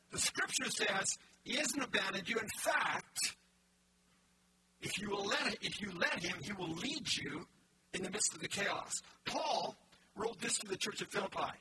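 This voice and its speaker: A man's voice: high voice, expressive, a little slow, sharp tone. A man preaching a sermon as pastor, telling stories with frequent restarts and asides in a large church. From Canada. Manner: storytelling with many restarts and asides. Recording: distant mic with background noise.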